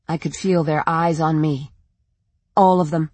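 Audiobook narrator, first-person story, steady measured read, dry close mic. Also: medium pitch, no echo.

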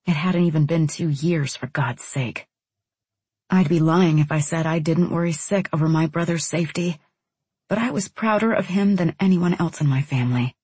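A woman's voice: low voice, normal speed, darkish tone, slightly rough, no room sound. A woman narrating a first-person novel in a wry, introspective manner. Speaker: audiobook narrator.

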